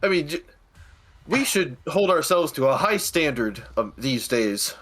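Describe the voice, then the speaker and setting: A man's voice: on the high side, sing-song, a little slow, fairly bright tone, voice pushed up, heavily acted. A man doing a stammering young steward. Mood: nervous. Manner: stammering, earnest. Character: nervous young male steward, junior initiate.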